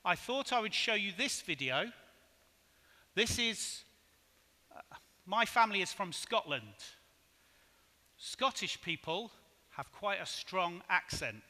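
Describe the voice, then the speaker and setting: A man giving a conference keynote in a hotel hall, measured and asking the audience rhetorical questions. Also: sits high, lively intonation, pushed and bright. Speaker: conference speaker. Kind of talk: keynote presentation. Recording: hall reverb.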